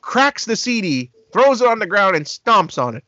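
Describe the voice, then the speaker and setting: A man with a high, very lively voice tells stories in a relaxed chat and bursts into put-on quotes. The sound is dry and a bit dull, with no room around it. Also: moderate pace, no echo. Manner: animated, acts out quotes with laughter. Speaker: podcast co-host. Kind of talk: casual storytelling chat.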